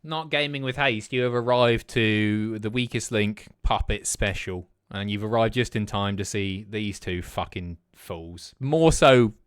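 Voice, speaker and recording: A man's voice: on the low side, measured pace, hardly any pauses, smooth. A man casually commentating on a stream, sweary and mocking.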